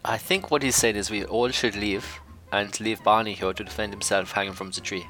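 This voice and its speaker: A man's voice: fairly low pitch, steady tone, a little fast, sharp tone, soft background music. A man playing a tabletop game, joking and hesitant. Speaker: player.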